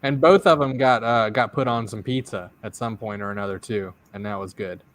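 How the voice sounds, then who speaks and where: A man's voice: lowish voice, fairly quick, a bit bright. A man co-hosting a podcast, chatting casually with hesitant restarts. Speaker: podcast co-host. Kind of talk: casual chat.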